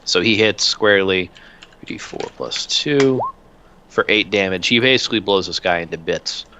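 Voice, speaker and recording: A man narrating a tabletop game as game master, relaxed and full of filler sounds. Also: deep voice, normal speed, dull audio, background noise.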